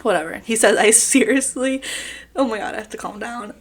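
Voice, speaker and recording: A woman's voice: medium pitch, racing, slightly rough. A woman co-hosting a podcast, recapping a show in casual chat and breaking into giggles as she goes. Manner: giggly, animated storyteller. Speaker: podcast co-host.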